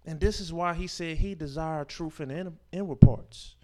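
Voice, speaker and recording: A man with a high voice preaches a sermon, reading verses and explaining them. His delivery swings between forceful declarations and hushed asides, slowing down to stress key words and using informal speech and rhetorical questions. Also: background noise. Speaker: teacher of a Sabbath scripture class.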